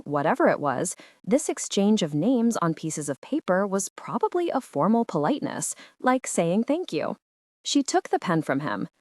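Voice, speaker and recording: A woman narrating a literary short story audiobook in a measured, expressive storytelling manner. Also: mid-range voice, no room sound, studio quality.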